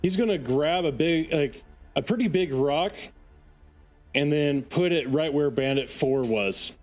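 A man's voice: on the high side, measured pace, faint music behind. Man running a tabletop game. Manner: calm, counts out movement, narrates enemy actions. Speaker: game master.

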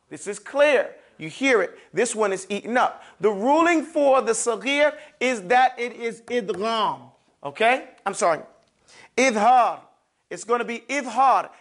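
In a Quran recitation class, the teacher, a man whose voice is fairly high with a fairly bright tone, drills sounds slowly, repeats each one several times, and regularly stops to check his listeners are with him.

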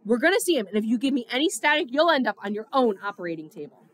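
A woman reading aloud gives voice to a hot-headed teenage gang boy. He talks loud and rough, full of street slang, with a bright, cutting edge on the voice. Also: high voice, lively intonation, fast talker. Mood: threatening. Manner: loud, tough-talking slang. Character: brash, volatile teenage boy gang tough.

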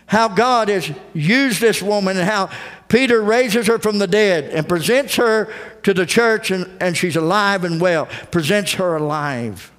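A man's voice: high voice, measured pace, a bit bright, in a large hall. A man preaching a folksy sermon as pastor, acting out the voices he quotes. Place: church sanctuary.

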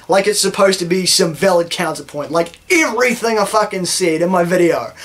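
Speaking with a New Zealand accent, a young male YouTuber delivers a sarcastic, profanity-heavy rant for a satirical vlog. His voice is high and somewhat bright, and he plays up a mock-indignant tone.

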